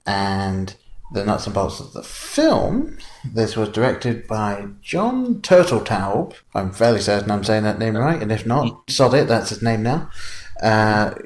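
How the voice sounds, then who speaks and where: Low-voiced podcast co-host, dry. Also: male voice, sing-song, unhurried, echoey room. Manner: dry, matter-of-fact, laughs along. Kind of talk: casual chat.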